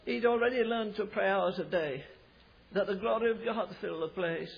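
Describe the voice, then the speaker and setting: Husky high-pitched man preaching, acts out the characters, dull old recording. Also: moderate pace. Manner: acts out quoted voices, builds to loud emphatic climaxes. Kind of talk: sermon storytelling.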